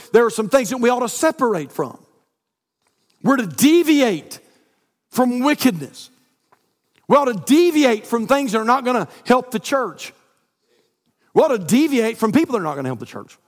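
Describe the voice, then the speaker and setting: A man, preaching a sermon as pastor, climbing to near-shouts and dropping to soft prayer. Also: very high voice, sing-song, moderate pace. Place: church sanctuary. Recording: long reverb in a church hall.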